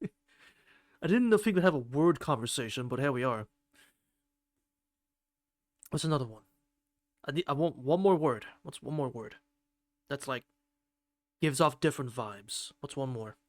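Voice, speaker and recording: A man's voice: medium pitch, animated, measured pace, long pauses, no room sound. A man streaming a game and chatting casually with viewers, playful and rambling, swearing now and then. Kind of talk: casual chat while playing a game.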